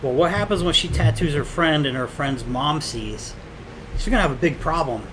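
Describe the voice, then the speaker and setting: A man's voice: fairly high pitch, expressive, background noise. A man from Connecticut, a supply shop owner, telling stories as a guest with acted-out quotes and frequent swearing. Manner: rapid storytelling with quoted dialogue, swearing. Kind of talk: casual chat.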